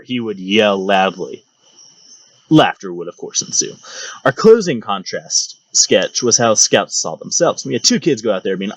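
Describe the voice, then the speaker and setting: In a comedic storytelling monologue, a young male channel host sounds sarcastic and mock-grand. His pitch is fairly low and his intonation lively, and he speaks at a normal speed. The recording is dry and close-miked.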